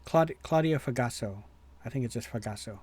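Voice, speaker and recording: A man's voice: medium pitch, a little fast, a little mellow, breathy edge. Rambling man in casual reaction chat. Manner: rambling, hesitant, many fillers and restarts. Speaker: reaction video host.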